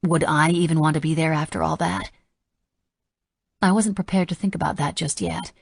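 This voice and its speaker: Female audiobook narrator, deep raspy tone, sardonic first-person read. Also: steady tone, moderate pace.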